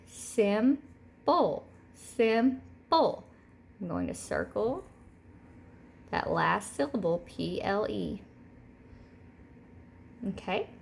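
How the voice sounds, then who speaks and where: A woman teacher talks through a recorded lesson for young students at a slow, unhurried pace. She says every word deliberately and repeats it so children can copy her. Her voice sits at an ordinary middle pitch. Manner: slow, clear, modeling words by repeating them. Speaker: third grade teacher.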